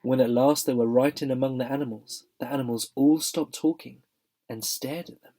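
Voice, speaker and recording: A man's voice: medium pitch, steady tone, normal speed, mellow. A man reading a children's novel aloud, narrating steadily with some expression. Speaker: reader. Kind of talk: audiobook narration.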